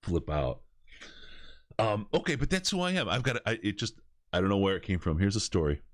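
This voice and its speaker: A man hosting a podcast, telling stories in an animated way and laughing as he goes. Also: fairly low pitch, fairly quick, no room sound, clean studio sound. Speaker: podcast host. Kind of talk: casual storytelling.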